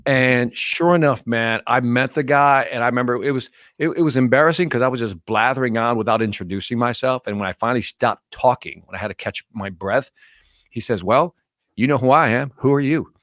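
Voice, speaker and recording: A man's voice: mid-range voice, fairly quick, a bit bright, no echo. A middle-aged man speaks as a podcast guest, telling stories with eager, earnest energy. His voice sits in a middle register. It comes across dry and close, with almost no room sound. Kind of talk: casual podcast interview.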